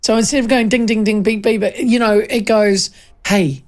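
A woman hosting a radio show, chatting casually and tossing in quick, playful reactions. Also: fairly high pitch, fairly even intonation, darkish tone. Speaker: radio host. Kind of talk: casual chat.

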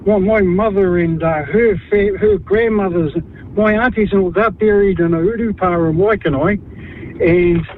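A man in his fifties with a New Zealand accent, calling in to a radio show and speaking bluntly, with halting restarts. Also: high voice. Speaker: caller. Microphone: phone. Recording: tinny phone line with faint noise.

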